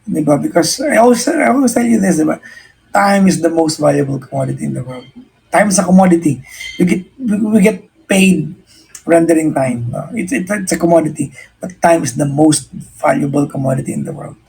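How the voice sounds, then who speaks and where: A Filipino-accented male radio host answers a listener with earnest, reflective life advice, chatting casually, mixing English and Tagalog, and often restarting sentences. His voice is on the high side, gravelly, slightly rough and a little mellow, with lively intonation and a fairly quick pace. The recording is rough.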